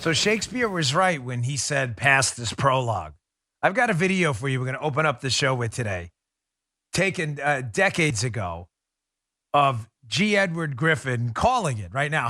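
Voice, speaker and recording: A man hosting a political talk show with brisk, emphatic talk-radio delivery on a studio mic. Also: mid-range voice, expressive, sharp tone. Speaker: host.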